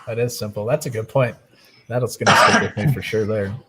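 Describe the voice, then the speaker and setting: A man's voice: fairly low pitch, a little fast, very noisy. A man hosting a recovery channel, responding in a casual, affirming and reflective way. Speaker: channel host. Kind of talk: casual chat.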